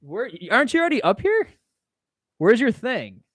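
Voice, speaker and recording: A man's voice: extremely high pitch, huge pitch swings, moderate pace, dry recording, studio quality. A man hosting a casual livestream Q&A, reading chat questions aloud and answering in a rambling, offhand way. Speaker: livestream host.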